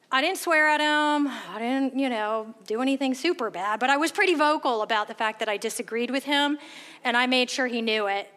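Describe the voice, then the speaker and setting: A woman's voice: high voice, fast talker. A woman giving a candid, self-deprecating faith testimony, animatedly acting out the voices of people in her stories. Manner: animated, acts out quoted voices. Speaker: speaker sharing faith testimony. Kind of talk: storytelling testimony talk.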